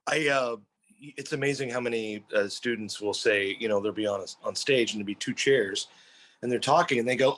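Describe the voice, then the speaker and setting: A man's voice: mid-range voice, brisk, a bit bright. A man appearing as a filmmaker guest in casual conversation, telling stories with animation and swearing freely.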